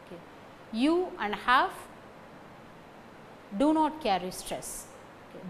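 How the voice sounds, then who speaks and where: A woman's voice: a little high, very animated, takes it slowly, pauses often, a bit bright, slight background noise. A woman with an Indian English accent teaching phonetics, repeating each example sentence and then calling out the stressed words. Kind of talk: slow recorded lecture with drilled example sentences.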